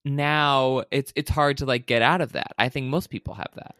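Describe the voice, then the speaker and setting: A man's voice: mid-range voice, normal speed, dry recording, studio quality. A man co-hosting a podcast, telling rambling stories full of tangents in a casual chat. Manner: rambling, animated storytelling with tangents. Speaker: podcast co-host.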